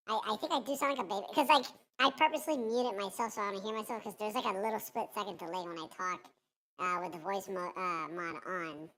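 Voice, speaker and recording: A giggly baby voice. The tone is sharp and bright, the delivery goofy. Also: male voice. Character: squeaky baby-voiced man. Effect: high-pitched voice changer.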